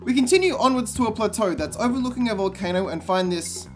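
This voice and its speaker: A man giving sarcastic, comedic commentary on a game, with exasperated and deadpan asides. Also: high-pitched, quick pace, faint music behind.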